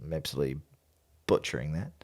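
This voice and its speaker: A man's voice: extremely low pitch, fast talker. A man co-hosting a podcast, chatting casually and jokily about rugby, often trailing off onto tangents and restarting his sentences. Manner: rambling, tangent-prone, jokey with restarts. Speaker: podcast co-host.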